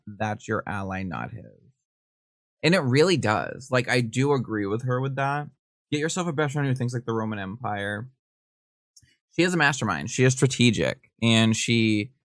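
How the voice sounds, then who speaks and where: A man hosting a casual podcast, reading texts and firing off gossipy reactions. His voice sits in an ordinary middle pitch. The sound is close and dry, with no room echo. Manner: animated, gossipy, reads texts aloud with quick asides and laughs. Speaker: podcast host.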